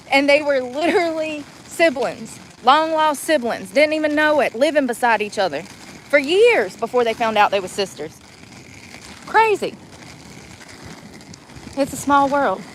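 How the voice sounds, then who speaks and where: A woman's voice: high-pitched, fairly bright tone, a little hiss or hum, poor audio. A woman in her forties chatting casually while driving, rambling and laughing through her words. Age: 40s. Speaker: vlogger. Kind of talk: casual chat.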